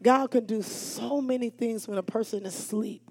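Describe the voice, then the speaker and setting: A woman preaching a sermon, animated, calling out to the congregation and dropping from shouts to hushed asides. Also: a little high, moderate pace, slightly rough. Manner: animated and call-and-response, swinging between shouts and hushed asides.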